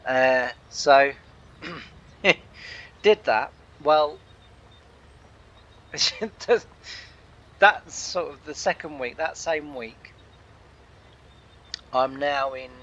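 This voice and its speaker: A man's voice: medium pitch, drawn-out words, vocal fry, pauses often, fairly bright tone, dull audio, a little hiss or hum. A man telling a long casual story while playing a game, laughing often and acting out the people he quotes. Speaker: gaming channel host. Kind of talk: casual storytelling over gameplay.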